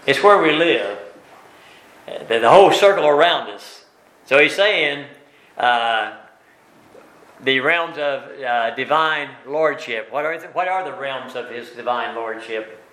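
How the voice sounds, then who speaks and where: A man leads a Bible study in a bright, forceful voice, recorded in an echoey room. His speech is plain and folksy, with frequent "uh"s and rhetorical questions aimed at the group. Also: mid-range voice, expressive, measured pace. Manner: asks rhetorical tag questions. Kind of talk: conversational Bible teaching.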